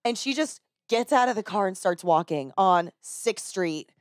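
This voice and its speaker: A woman chats on a podcast, spinning a long anecdote in an easy, mid-pitched voice. She fills her talk with "like" and mild swearing, and jumps up in pitch to act out the people in her story. The sound is close and dry, with no room around it. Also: a little slow, no echo. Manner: animated, acts out people in her stories with raised pitch; swears casually, fillers like "like". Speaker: podcast talker and rideshare driver. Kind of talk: casual storytelling chat. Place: podcast studio.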